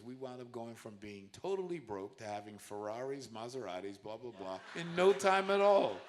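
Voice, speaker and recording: Animated man telling stories on stage. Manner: lively, swearing, shouts quoted lines, hums bass lines. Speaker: guest musician telling stories at a masterclass. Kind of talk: animated storytelling to a live audience. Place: concert hall with audience.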